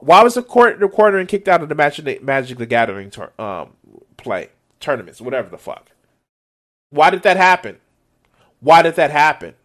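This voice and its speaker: A man reacts to a clip with exasperated, sarcastic commentary and plenty of swearing. His voice sits high and swings widely in pitch. He keeps stopping to mock what he hears.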